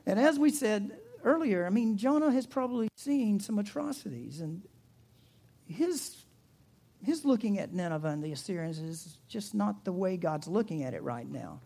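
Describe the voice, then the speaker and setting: A pastor with a Southern US accent retells a story in his sermon, chatty and humorous, with asides and restarts. His voice sits high and is gravelly, a little mellow and expressive, at a normal speed.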